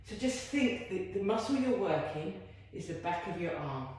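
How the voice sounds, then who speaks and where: A woman's voice: mid-range voice, lively intonation, moderate pace, a little mellow. A woman leading a home workout as a fitness instructor, chatty and encouraging with self-deprecating asides. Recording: very echoey room.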